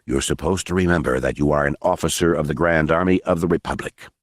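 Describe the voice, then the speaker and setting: A man's voice: a bass voice, fast talker, no room sound, studio quality, voice pushed down. Man doing a cool, stern warrior general. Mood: stern calm. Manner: clipped, controlled, cool. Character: calm stern commanding male warrior general.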